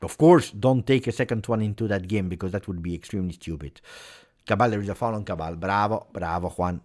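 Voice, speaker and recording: A man's voice: fairly low pitch, brisk, a little mellow. A man hosting a live match watch-along, reacting emotionally and pleading with the players. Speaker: fan channel host.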